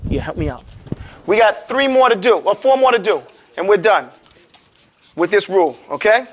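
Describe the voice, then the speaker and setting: A man teaching Quran recitation in a classroom, speaking casually, joking and quizzing his students while sounding out words slowly. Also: high voice, animated.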